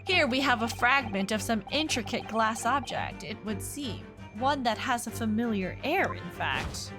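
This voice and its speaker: A woman voicing a pompous gentleman detective who declaims grandly over game music. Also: fairly high pitch, animated, unhurried.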